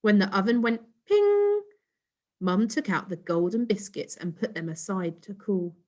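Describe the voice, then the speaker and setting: A woman reading a children's story aloud in an expressive way, pausing to ask listeners questions. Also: mid-range voice.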